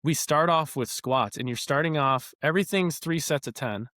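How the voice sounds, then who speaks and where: A young man telling stories as a podcast guest in a casual, animated, rambling way with many fillers. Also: a little high, moderate pace, dry recording, studio quality. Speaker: former baseball player guest.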